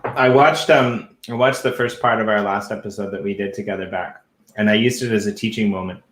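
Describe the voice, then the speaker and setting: A man's voice: on the low side, fairly even intonation, a little fast, fairly bright tone, reverberant. A man co-hosting a podcast in casual chat, rambling with lots of fillers and restarts, his accent a mix from years of travel. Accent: mixed, traveled. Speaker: podcast co-host.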